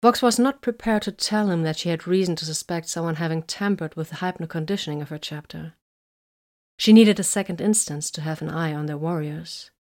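A woman narrating a science fiction audiobook in an even, measured reading. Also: deep voice.

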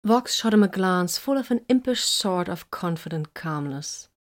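Lady reading a sci-fi audiobook, low voice, steady and even. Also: normal speed. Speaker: narrator. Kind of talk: scripted audiobook narration.

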